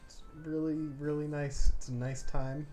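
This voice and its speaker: A man's voice: fairly high pitch, flat delivery, normal speed, warm tone, soft background music. A man co-hosting a game stream, chatting casually with a dry, joking manner. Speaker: streamer co-host. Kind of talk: casual chat.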